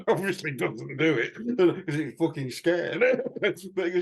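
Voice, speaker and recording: A man's voice: fairly high pitch, lively intonation, unhurried, vocal fry, husky. Chatty man telling stories. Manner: chatty anecdotal storytelling with frequent fillers and chuckles. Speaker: podcast co-host. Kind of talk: casual chat.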